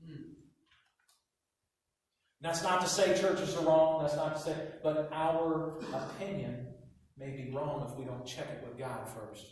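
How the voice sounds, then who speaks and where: A man preaching a sermon as pastor, telling stories with quiet asides and loud emphatic bursts. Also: fairly high pitch, steady tone, unhurried, pauses often, a little hiss or hum. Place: church hall. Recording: echoey hall from far off.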